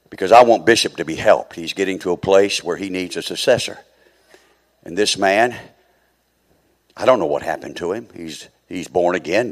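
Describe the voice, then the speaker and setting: Preaching church elder, man. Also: sits low. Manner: addresses the congregation directly, repeats phrases for emphasis. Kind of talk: sermon.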